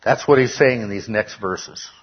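A man's voice: on the low side, normal speed, breathy edge, dull audio. A male pastor preaching a sermon, often checking in with "okay?" and rising to emphatic outbursts. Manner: peppers talk with "okay?", rises to emphatic shouts. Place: church.

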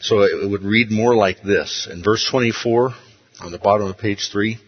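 A man's voice: lowish voice, normal speed. A man teaching a Bible study, in a conversational way, with rhetorical questions and frequent checks of "okay?". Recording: muffled, roomy recording.

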